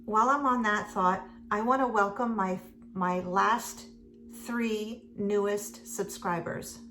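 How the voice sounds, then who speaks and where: Slow, rambling middle-aged woman vlogger. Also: mid-range voice, pushed and bright, soft background music. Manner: rambling, chatty, full of fillers. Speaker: beauty vlogger. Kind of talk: casual makeup chat. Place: at home.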